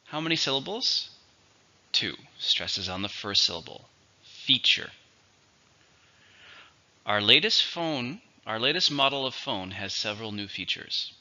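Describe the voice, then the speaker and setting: A man teaching an English vocabulary lesson, pronouncing words slowly and carefully for learners. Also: on the low side, lively intonation, sharp tone. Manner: slow, careful pronunciation drills. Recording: dull lo-fi recording.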